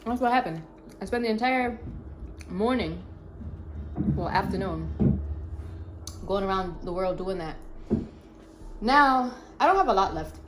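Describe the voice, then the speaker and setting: A woman telling a story to her viewers in a casual vlog, animated and chatty, talking to her phone camera in an emptied apartment. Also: medium pitch, takes it slowly, pauses often, noisy background. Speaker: vlogger. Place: apartment during a move. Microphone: phone camera propped up.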